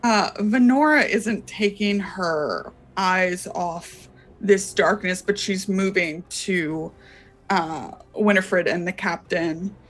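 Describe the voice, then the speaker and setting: A woman player describing her character's actions in a tabletop game, slow and thoughtful with many pauses. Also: lowish voice. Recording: light background music.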